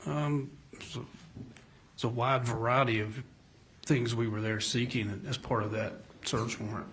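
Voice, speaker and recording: A man's voice: medium pitch, fairly even intonation, a little slow, a bit bright, a little hiss or hum. Man, mid-range voice, lead investigator under cross-examination, guarded and careful with his answers. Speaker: police investigator testifying as witness. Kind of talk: courtroom testimony. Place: courtroom.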